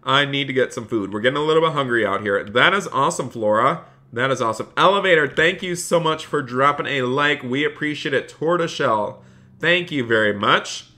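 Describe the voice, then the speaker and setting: A man's voice: mid-range voice, expressive, a little fast, sharp tone. A man live-streaming a game, chatting upbeat with viewers and thanking them by name while playing a polite police officer. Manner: slips into a polite officer role with players. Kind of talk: live-stream gameplay commentary with police role-play.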